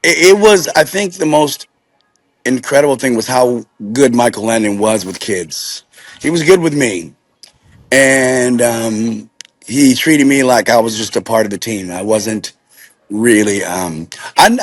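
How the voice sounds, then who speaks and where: A middle-aged man, a podcast guest, telling anecdotes in a casual, lively way and acting out the voices of the people in them. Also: medium pitch, measured pace, breathy edge, no room sound, clean studio sound. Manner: animated storyteller acting out quotes.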